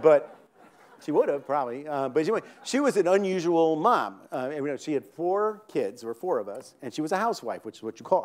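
A man's voice: medium pitch, darkish tone. Older man telling rambling comic stories. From New York State, USA. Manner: rambling, self-interrupting anecdotes, laughing at his own punchlines. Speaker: author guest. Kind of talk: comic storytelling on stage. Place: theater stage before an audience.

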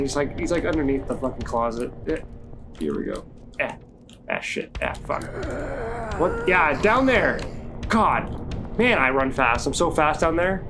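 Amid a noisy background and game music, a let's play gamer swears and mocks himself in frantic, casual commentary as he plays. His voice is mid-range.

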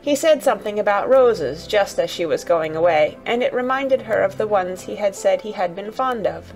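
A woman narrating a classic children's story as a gentle, steady bedtime reading. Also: medium pitch, normal speed, hardly any pauses, faint music behind.

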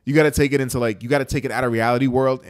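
Fast-talking blunt man in his thirties. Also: medium pitch, steady tone, clear, resonant tone, dry recording, studio quality. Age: 30s. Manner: blunt, profane, gets loud and heated when arguing. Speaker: podcast host. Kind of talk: casual podcast banter.

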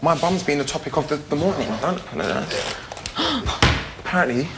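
A man's voice: a little high, expressive, moderate pace, heavy background noise. A young man chatting casually as a reality show contestant, cheeky and loose with slang. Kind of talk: casual chat.

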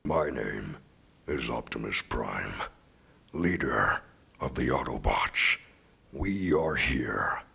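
A towering male robot commander speaks in a deep, gravelly rumble with a bright, rough edge, performed by a man. Each word is slow, grave and commanding. There is a husky grit under the weight. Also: expressive, exaggerated voice. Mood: solemn. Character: huge noble male robot leader.

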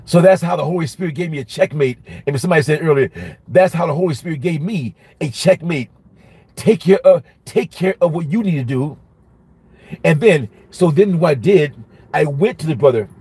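Husky-voiced preacher repeating every phrase. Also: male voice, fairly high pitch, moderate pace, dry recording. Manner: repeats each phrase for emphasis; animated personal storytelling. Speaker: minister teaching Bible study. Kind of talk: storytelling sermon.

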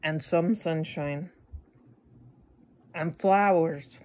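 Middle-aged woman vlogger from the United States; slow, lowish, rambling and wry with stammered restarts. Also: a little mellow. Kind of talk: casual chat to camera.

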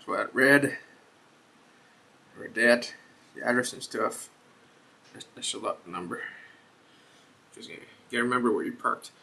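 A man's voice: mid-range voice, a little slow, creaky, long pauses, pushed and bright. A man hosting a casual beer review vlog, thinking aloud and rambling as he reads the label.

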